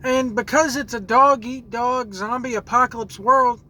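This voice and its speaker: Speaking at a very high pitch in a sharp, steady tone, this man angrily tears into a video game on his gaming channel. He swears and circles back over the same words as he searches for what to say, at a moderate pace on a low-quality recording.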